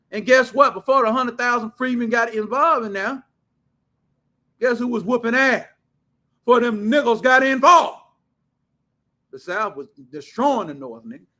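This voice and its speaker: A man hosting his own show, ranting casually in a loud, blunt, profane way with heavy slang. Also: sits high. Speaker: show host.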